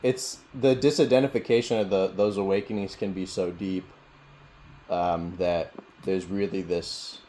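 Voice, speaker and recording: A man with a very deep, low voice leads a meditation session and answers questions over a video call. He talks in a relaxed, rambling way and laughs often. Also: unhurried, a little hiss or hum. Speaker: meditation teacher. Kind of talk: casual teaching and Q&A.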